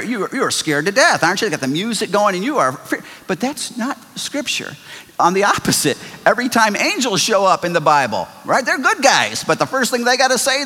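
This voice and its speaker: A middle-aged man preaching a sermon as pastor, swinging from loud exclamations to quiet asides. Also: high-pitched. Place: church sanctuary. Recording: long hall reverb.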